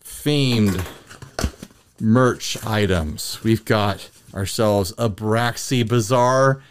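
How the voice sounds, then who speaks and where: A man co-hosting a podcast in casual chat, joking and animated with quick asides. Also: lowish voice, background noise. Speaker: podcast co-host.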